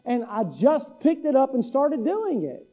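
Middle-aged male preacher, folksy, high voice, muffled lo-fi sound. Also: sing-song, a little slow. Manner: folksy, mimics local speech for laughs. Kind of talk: sermon. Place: church hall.

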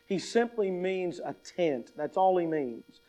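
A man with a high voice preaches a sermon. He is emphatic, repeats his key lines and puts questions to the congregation. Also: animated, slow, warm tone, soft background music, low-quality recording. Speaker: pastor.

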